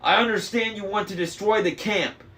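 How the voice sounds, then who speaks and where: A man voicing an angry teenage girl demigod, shouting indignantly. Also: high-pitched, moderate pace, voice pushed up. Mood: furious. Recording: faint noise, slightly distant mic.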